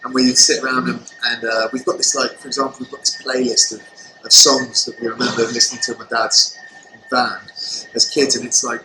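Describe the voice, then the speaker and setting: A man's voice: mid-range voice, level tone, a little fast. A man in his thirties, a chef guest on a podcast, chatting casually and rambling with many fillers and restarts. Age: 30s. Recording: echoey room with background noise.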